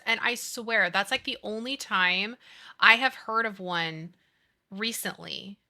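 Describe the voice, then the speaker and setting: A woman in her thirties streaming a life-sim game, chatting casually with her chat about childhood and movies. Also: on the high side. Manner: chatty, animated, reads chat aloud. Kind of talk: casual chat while gaming.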